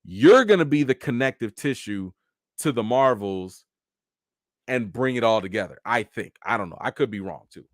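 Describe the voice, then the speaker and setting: A man hosting a casual live reaction stream, his pitch swooping up and down as he talks. He reads out viewer comments and acts out characters' lines in a raised voice. The sound is dry and close, with no room echo. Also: animated, moderate pace.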